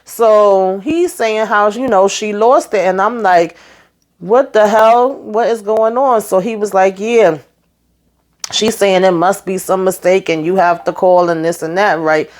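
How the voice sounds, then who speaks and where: Retelling an episode's scenes, a female TV recapper stays casual, animated and talkative, with "honey" and "child" for her listeners. Her voice sits mid-range and runs a little slow.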